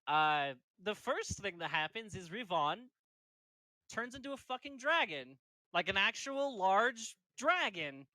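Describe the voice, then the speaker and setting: A man's voice: sits high, big pitch swings, a little slow, pushed and bright, no echo, rough recording. Casual man narrating a tabletop game. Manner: casual, rambling, lots of fillers. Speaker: game master.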